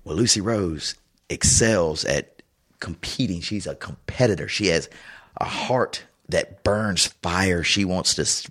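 Middle-aged male podcast co-host, deep voice, loose rambling anecdotes. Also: unhurried, slightly rough. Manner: rambling, warm storyteller with restarts and asides. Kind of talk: casual chat, personal storytelling.

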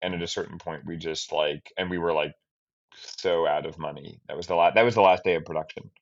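A man who is a film director, giving a candid, reflective interview with halting speech, many restarts and trailing-off phrases. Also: low-pitched, steady tone. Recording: dull lo-fi sound.

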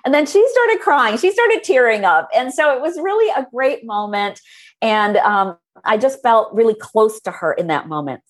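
A woman author being interviewed, who tells her stories in a warm, animated way. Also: on the high side, moderate pace. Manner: warm, storytelling, animated when recalling moments. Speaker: author and guest. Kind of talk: conversational interview.

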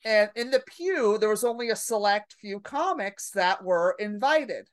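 A middle-aged woman comedian telling brash stories in a casual podcast chat, acting out her own reactions loudly. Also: mid-range voice, a little slow, dry recording. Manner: brash storyteller, loud animated re-enactments. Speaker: comedian guest.

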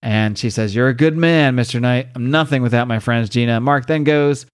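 A man hosting a comics podcast, casually recapping a story and acting out the dialogue in raised, excited voices. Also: normal speed, smooth, dry recording, clean studio sound. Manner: acts out dialogue with high-pitched voices, swears casually. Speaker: podcast host.

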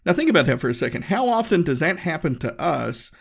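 A man hosting a podcast, telling a story in a relaxed, conversational, reflective way. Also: fairly high pitch, fast, vocal fry, slightly rough. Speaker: podcast host.

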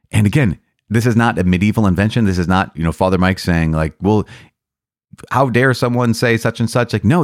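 A man's voice: sits low, darkish tone, no room sound, clean studio sound. A man, a priest hosting a podcast, giving earnest and enthusiastic commentary on the catechism, with frequent restarts and repeated words.

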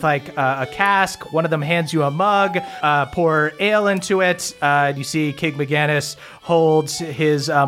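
A man narrates a tabletop fantasy game as game master. His voice sits a bit high, and he talks loosely, with many fillers and frequent chuckles. Soft music plays behind him.

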